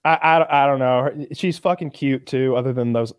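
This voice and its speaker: A man telling a story in casual podcast chat, swearing a lot and acting out quotes with animated energy. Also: mid-range voice, normal speed, clean tone, no room sound.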